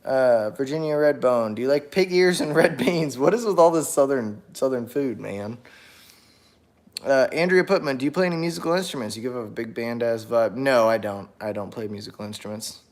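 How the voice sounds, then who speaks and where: Chill young guy reading chat out loud, rambly, lots of uh and um, kid crying at home sometimes. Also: medium pitch, a little fast. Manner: relaxed, rambling, many fillers and restarts. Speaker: livestream host reading chat. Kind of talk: casual chat. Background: a small child crying at times.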